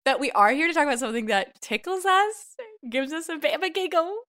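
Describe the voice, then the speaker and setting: Bright, giggly woman co-host. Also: sits high, expressive, fast. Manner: giggly, upbeat, chatty. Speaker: podcast co-host. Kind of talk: casual comedic banter.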